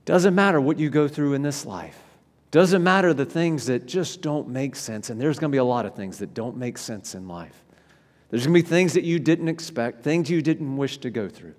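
A man preaching a sermon to a congregation, animated, with frequent restarts, swinging from loud emphasis to quiet, soft passages. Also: medium pitch, normal speed, big-room sound. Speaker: pastor.

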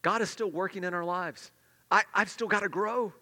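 A middle-aged male pastor preaching a sermon, swinging between loud emphatic peaks and hushed confessional asides. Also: high-pitched, normal speed. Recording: long hall reverb.

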